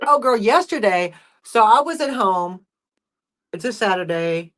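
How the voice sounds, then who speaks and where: Woman guest, casual, mid-pitched, spins anecdotes with little acted voices. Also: lively intonation, a little slow. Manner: chatty storyteller, acts out pets and people in hushed voices. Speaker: guest friend. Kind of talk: casual live chat.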